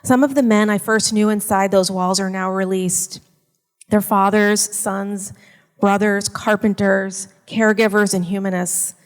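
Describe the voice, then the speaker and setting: A woman teacher reading a prepared personal essay in a measured, earnest way. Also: mid-range voice, fairly even intonation, clean tone, big-room sound. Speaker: university teacher in prison education. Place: performance venue.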